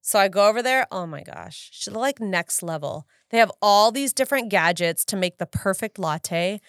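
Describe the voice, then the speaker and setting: A woman's voice: mid-range voice, lively intonation, normal speed, a bit bright, dry recording, studio quality. A woman in her thirties co-hosting a casual podcast, telling stories and quoting herself as she goes. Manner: chatty storyteller, quotes herself, laughs often. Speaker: podcast co-host. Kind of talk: casual chat.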